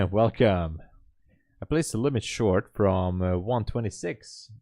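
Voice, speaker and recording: With a fairly low-pitched voice, a man hosts a live day-trading stream, talking through his trades and reading chat. He thinks aloud, greets viewers and laughs often, speaking in a relaxed, halting way with lots of fillers. The sound is studio quality, without echo.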